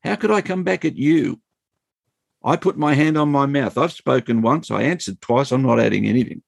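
A man's voice: mid-range voice, normal speed, vocal fry, no room sound, voice pushed up. A man voicing a humbled old biblical man. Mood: humble. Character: humbled ancient man pleading before God.

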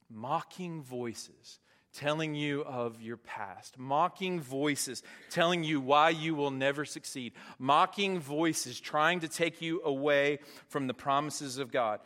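Guy giving a sermon, chatty with ums, gets loud and emphatic, long hall echo. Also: mid-range voice, measured pace. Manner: conversational preaching with fillers, rising to emphatic peaks. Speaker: pastor.

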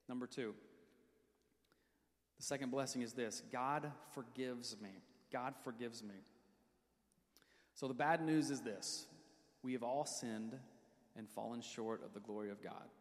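Pastor guy preaching, mid-pitched voice, tells stories, reads verses slowly, big hall echo. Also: fairly even intonation. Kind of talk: sermon. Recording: long reverb of a church hall.

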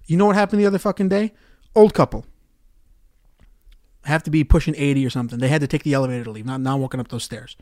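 A young man hosting a solo podcast, swearing and ranting sarcastically about his movie theater job, going from loud outbursts to quiet mutters. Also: medium pitch, quick pace, long pauses, no echo, clean studio sound. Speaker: podcast host.

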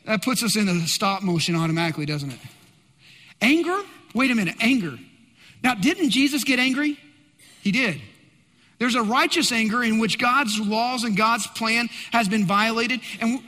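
A male pastor preaching a sermon, swinging between loud emphatic bursts and hushed asides. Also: extremely high pitch, in a large hall.

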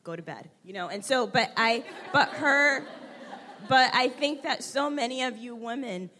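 A young woman speaking at a church gathering, heartfelt and halting as she fights back tears. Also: sits high, sharp tone, a faint crowd, a little hiss or hum. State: close to tears. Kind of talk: emotional tribute at a church women's gathering.

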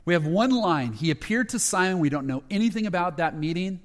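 A pastor telling a Bible story as a sermon, acting out the quoted lines and growing hushed at the tender moments. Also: male voice, high voice, lively intonation, brisk. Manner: retells scripture with quoted dialogue, dropping to a hushed voice at emotional moments. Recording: long hall reverb.

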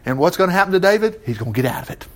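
Preacher with wildly lively pitch. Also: male voice, rapid-fire. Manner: folksy asides, wry commentary. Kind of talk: sermon, conversational storytelling.

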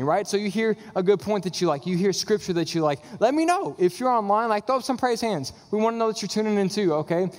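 A young male worship leader delivers a sermon in an eager, chatty way, peppering his talk with fillers. His voice sits slightly high for a man. The church hall around him carries a long reverb. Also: darkish tone. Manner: enthusiastic, chatty, filler-heavy. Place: church sanctuary.

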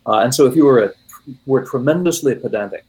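A man's voice: mid-range voice, lively intonation, fast, darkish tone, breathy edge, poor audio. A man in his late forties from the United States, talking shop casually about computing, rambling with many fillers and self-corrections. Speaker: podcast guest. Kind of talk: casual technical chat.

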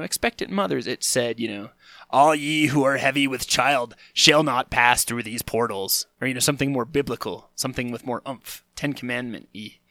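A man's voice: medium pitch, no echo. Man, thirties, podcast host, comic monologue, self-deprecating, exaggerated quote voices, dry close sound.

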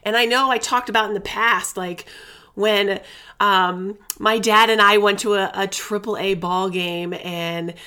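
A woman's voice: medium pitch, fairly even intonation, a little slow, sharp tone, clear, resonant tone. A middle-aged woman hosting a casual wellness podcast, talking candidly and chattily and dropping in endearments and the odd swear word. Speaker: podcast host.

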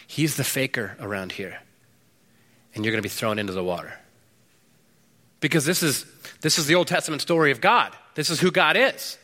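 A male pastor preaching a sermon in a bright, forceful voice, pitched a little high. He swings between loud bursts and low, hushed stretches, and the sound carries a long reverb from a large hall.

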